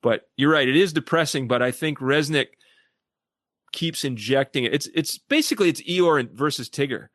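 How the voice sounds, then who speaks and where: A man who is a podcast guest, telling stories animatedly and acting out quoted people in lively voices. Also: a little high, moderate pace, no echo, studio quality. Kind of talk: casual discussion.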